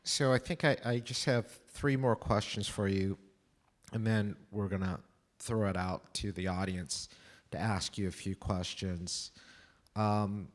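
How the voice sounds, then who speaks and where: A man moderating an onstage author interview, asking gentle questions before handing over to the audience. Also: fairly low pitch, steady tone, measured pace.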